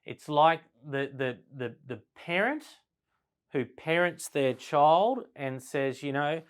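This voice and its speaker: A man's voice: fairly high pitch, animated, smooth. Conversational male sales trainer lecturing. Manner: conversational, frequent "right?" tag questions; slows down and varies volume to demonstrate tone. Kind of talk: classroom lecture at a flip chart.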